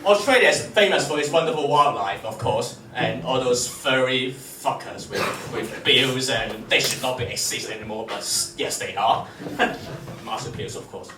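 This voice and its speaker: A man's voice: medium pitch, lively intonation, normal speed, sharp tone. A young man telling crude comic stories and laughing at his own jokes, in a roomy, distant recording with faint noise. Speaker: comedy vlogger. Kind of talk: rambling comic monologue.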